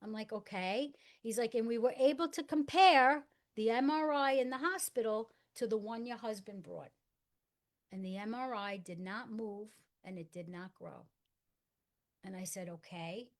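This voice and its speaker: A middle-aged woman telling a personal story in conversation, acting out the dialogue and dropping to a hush for quoted lines. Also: on the high side, moderate pace. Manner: earnest storyteller acting out dialogue in hushed tones. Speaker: guest.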